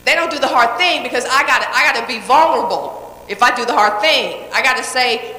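In a hall with long, echoing reverb, a woman gives a motivational talk to a live crowd. Her fairly high voice is brisk, pushed and bright. She stays direct and emphatic, returning to key phrases and checking in with her listeners.

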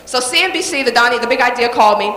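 A woman's voice: fairly high pitch, very fast. Woman seminar coach on stage, emphatic and chatty, with a long hall reverb. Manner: animated, emphatic, chatty with the audience. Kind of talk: live motivational seminar storytelling.

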